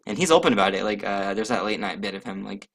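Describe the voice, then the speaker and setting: A man's voice: fairly low pitch, lively intonation, quick pace, creaky, fairly bright tone. A young man hosting his own casual solo podcast, rambling and joking at his own expense. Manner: rambling, jokey, self-deprecating; loose, chatty, trails off with many fillers. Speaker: podcast host.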